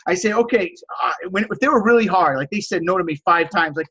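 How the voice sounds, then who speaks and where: High-voiced man coaching, lo-fi sound. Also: fast, hardly any pauses, fairly bright tone, breathy edge. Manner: enthusiastic salesman-like delivery. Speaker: host of a live stream teaching resale negotiation. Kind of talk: casual live-stream coaching, reading chat messages.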